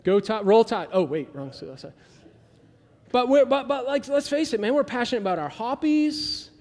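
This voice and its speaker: A man preaches in a loose, chatty way, slipping into little voices for the people he quotes. His voice sits high for a man. The sound carries a long reverb tail from a large church hall. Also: brisk. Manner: conversational, animated, acts out quoted voices. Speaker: pastor. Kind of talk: sermon.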